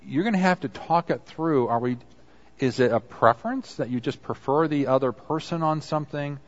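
A man's voice: a little high, moderate pace, dull audio. A man preaching a conversational sermon, acting out quoted apologies as he goes. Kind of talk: sermon on confession.

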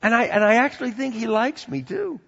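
A man preaches to his congregation in a church sanctuary, his fairly high voice carrying a long reverb. The sound is somewhat muffled. He swings from loud, animated exhortation to quiet, chatty asides. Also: brisk, gravelly. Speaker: pastor. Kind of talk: sermon.

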